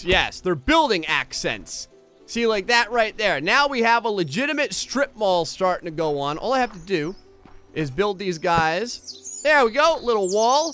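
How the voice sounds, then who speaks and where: An excitable young man talks through his gameplay in a high, very lively voice that swings between quiet mumbles and sudden outbursts. Faint game music plays underneath. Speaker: gameplay YouTuber. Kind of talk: casual gameplay commentary.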